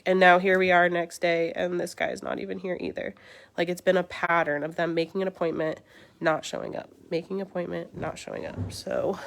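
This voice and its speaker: A woman's voice: lowish voice, fairly even intonation, normal speed. A young woman, congested and sore-throated, chatting to viewers in a casual livestream update and venting her frustration. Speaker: beauty livestream host.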